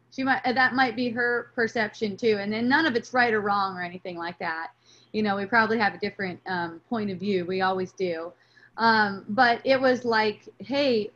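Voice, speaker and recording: A woman's voice: on the high side, fairly bright tone. A middle-aged woman telling a personal story in a reflective spiritual talk, rambling with lots of fillers and restarts. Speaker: spiritual podcast guest. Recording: dull lo-fi recording.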